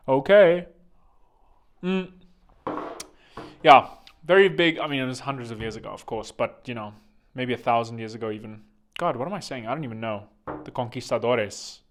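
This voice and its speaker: A man hosting a solo podcast, joking and rambling with self-mocking asides and sudden loud bursts. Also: mid-range voice. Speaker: podcast host. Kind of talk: jokey solo podcast monologue. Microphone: studio microphone.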